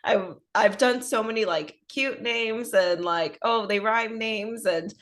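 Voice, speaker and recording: A woman's voice: fairly high pitch, slow, a bit bright. A woman guest on a podcast, a coach, chatting cheerfully and laughing easily. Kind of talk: casual interview chat.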